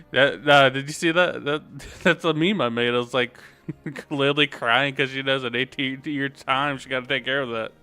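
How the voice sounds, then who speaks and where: A man's voice: mid-range voice, fairly even intonation, normal speed, bright, forceful tone, clear, resonant tone. A young man streaming a game, chatting casually with jokes and rambling asides.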